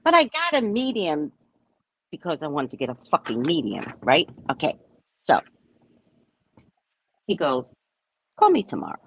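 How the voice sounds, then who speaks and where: A woman's voice: low voice, measured pace, long pauses, slightly rough, lo-fi sound. A woman host telling a story in a casual way, acting out the quotes and tagging her sentences with "right?". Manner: animated, acts out quotes, keeps saying "right?"; swears casually.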